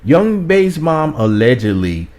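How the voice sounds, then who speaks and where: Sassy, animated male TV reviewer. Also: fairly high pitch, takes it slowly. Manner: sassy, chatty, talks straight to viewers. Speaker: reality TV reviewer. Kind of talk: casual commentary vlog.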